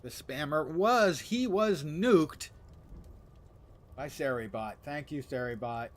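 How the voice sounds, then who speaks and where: A man's voice: a little high, animated, slow pace. Man muttering through a puzzle game. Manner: muttering to himself, dry joking asides to chat. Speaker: game streamer. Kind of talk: live game streaming, reading game text aloud. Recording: audible background noise.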